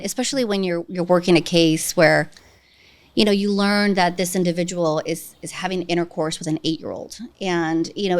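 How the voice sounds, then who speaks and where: A woman detective speaks as an interview guest in a lowish voice. She tells her experience earnestly and reflectively, weighing her words, with small hesitations as she goes. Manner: earnest, measured, reflective storytelling. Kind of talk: interview answers.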